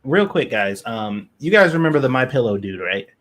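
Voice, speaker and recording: A man's voice: mid-range voice, very animated, a little fast, fairly bright tone. A man co-hosting a live chat stream, speaking bluntly and swearing freely as he rants. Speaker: podcast co-host.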